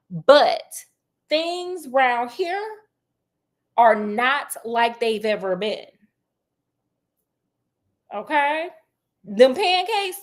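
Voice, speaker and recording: Woman plays Sticks: teen boy, sassy and dismissive, higher voice, storytime read. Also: a bit bright, heavily acted.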